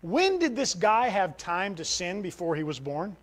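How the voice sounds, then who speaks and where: A middle-aged man preaching a sermon in a church as a missionary, animated, swinging from loud outbursts down to quiet, tender passages. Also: sits high, moderate pace, poor audio.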